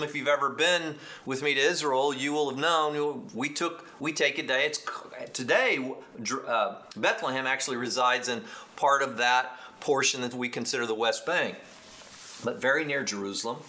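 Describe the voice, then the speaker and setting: A pastor with a Texas accent and medium pitch preaches a sermon, teaching in an animated, emphatic style. He frequently restarts and makes asides to the congregation.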